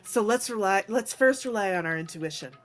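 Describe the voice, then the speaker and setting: A woman voicing a calm, eerie teenage boy in a fan voice-over of a game, speaking softly and deliberately. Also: medium pitch, soft background music, pitched below the performer's own voice, natural voice.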